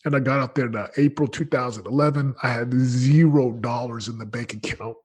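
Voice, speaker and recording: A man in his late thirties, a guest in an interview, telling his story in an energetic, emphatic way with lots of slang and restarts. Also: medium pitch, a little fast, breathy edge. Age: late 30s.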